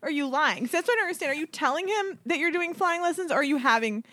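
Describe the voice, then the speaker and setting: A woman co-hosting a comedic advice podcast, quick to laugh as she chats. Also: high voice, lively intonation, bright, forceful tone. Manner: giggly, breaks into laughter often. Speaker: podcast co-host.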